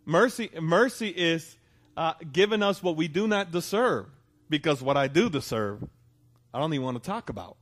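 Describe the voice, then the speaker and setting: Male pastor in his thirties, fairly high voice, preaching in a church in a conversational way. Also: lively intonation, normal speed. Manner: conversational preaching, asks congregation for response. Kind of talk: sermon.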